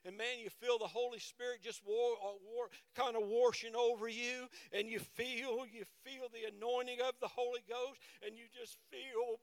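A man's voice: very high-pitched, little pitch movement, moderate pace, hardly any pauses, a bit bright, clean tone, dry recording. A middle-aged man preaching a sermon with fervent, repetitive phrasing and frequent cries of praise.

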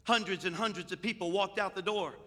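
An older man preaching a sermon as pastor, moving between quiet storytelling and loud, rising exhortation. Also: sits high, fairly quick. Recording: echoey hall with long reverb.

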